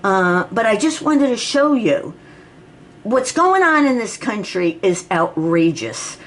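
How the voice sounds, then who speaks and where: A woman's voice: mid-range voice, sing-song, takes it slowly, a little hiss or hum. An older woman from New York talking to camera, indignant and emphatic, firing off rhetorical questions. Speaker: video blogger. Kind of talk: personal video rant.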